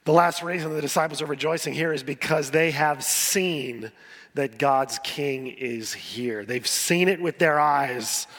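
A man preaching a sermon as pastor, earnest and pleading, often dropping to a soft voice and repeating words as he builds. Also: fairly high pitch, unhurried. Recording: long hall reverb.

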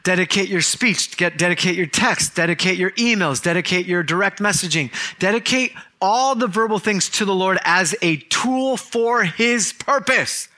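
A man preaching a sermon in church, telling a story with jokes and quick asides. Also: high voice, sharp tone. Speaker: pastor.

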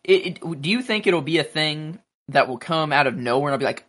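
A man co-hosting a casual podcast, rambling and halting as he gives his thoughts. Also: a little high, a bit bright. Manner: rambling, halting, full of fillers and restarts. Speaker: podcast co-host reacting to a TV episode. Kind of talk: casual chat.

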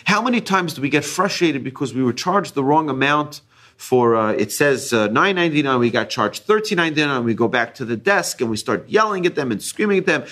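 A man's voice: very animated, brisk, fairly bright tone. Earnest man teaching, repeating points. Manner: earnest, repeats key phrases, rises in pitch and volume when stressing a point. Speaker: religious teacher. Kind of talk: ethics class talk to a group.

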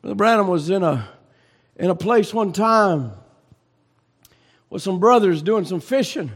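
Male pastor, very high-pitched, delivers a sermon in shouting bursts with quiet dips. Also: expressive, measured pace. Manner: shouting preaching cadence that drops low and soft. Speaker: preacher.

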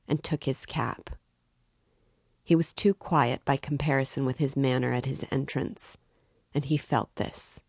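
A woman hosting a read-along, reading a classic novel aloud in a slow, steady manner. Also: extremely low pitch, gravelly, no echo, studio quality. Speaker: reader.

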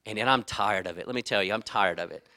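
A middle-aged man telling a personal story, candid and rambling, stumbling over repeated words. His bright, clear voice sits in a dry, close recording. His tone drops to quiet asides and rises to loud, heated bursts. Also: lowish voice, fast talker, no room sound.

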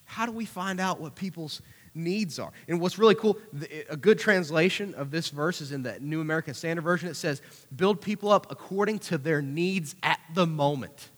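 A man preaching a conversational youth sermon, animated, with acted-out asides. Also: fairly high pitch, normal speed. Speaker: youth pastor. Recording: hall reverb.

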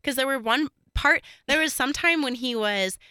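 A young woman with a bright, clear voice chats casually about a crime case. She talks in a loose, filler-heavy way and laughs often. She sits close to the mic in a dry, dead room. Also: high voice, moderate pace, no echo. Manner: chatty, lots of fillers and laughter. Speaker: true crime podcast co-host. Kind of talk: casual chat.

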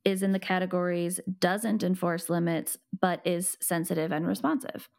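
A woman's voice: fairly low pitch, little pitch movement, normal speed, vocal fry, a little mellow, no echo, clean studio sound. A woman co-hosting a parenting podcast, explaining things patiently and step by step in a conversational way.

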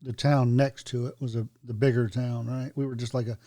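Mellow-voiced man from North Carolina. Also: mid-range voice, flat delivery, a little fast, dry recording, studio quality. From North Carolina, USA. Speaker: podcast co-host. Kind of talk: casual chat.

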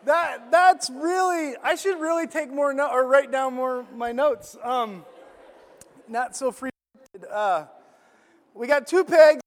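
A middle-aged man preaching a sermon as a personal story, animated and self-deprecating. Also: very high voice, slow. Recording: long hall reverb.

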